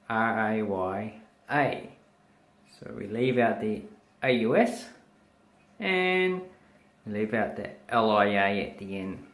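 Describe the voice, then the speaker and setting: A man with an Australian accent, giving a casual, jokey video lesson on how Australians say words, spelling sounds out slowly. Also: on the low side, echoey room. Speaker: language teacher.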